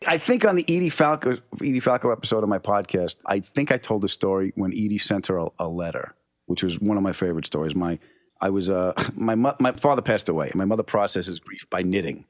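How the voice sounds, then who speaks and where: A middle-aged man telling a funny story in a casual chat, punchy and animated. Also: deep voice, fairly quick, dry recording, clean studio sound. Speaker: comedian guest.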